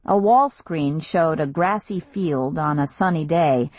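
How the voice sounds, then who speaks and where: A woman narrating an audiobook in a steady, measured reading voice, recorded on a close studio mic. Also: low-pitched, dry recording.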